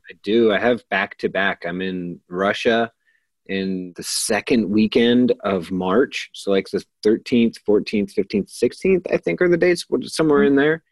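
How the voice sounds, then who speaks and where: A man from Kansas, a class facilitator appearing as a podcast guest, speaks in a lowish, unhurried voice with no echo. In this casual interview he's chatty and effusive, packing his talk with filler like "like" and "oh my God."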